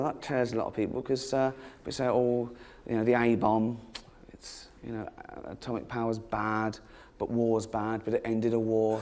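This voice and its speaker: A middle-aged English man performing a stand-up comedy set, sardonic and sweary, jumping into shrill mock voices for the people he mocks. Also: darkish tone. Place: theatre stage before a laughing audience. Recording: live stage recording with audience noise.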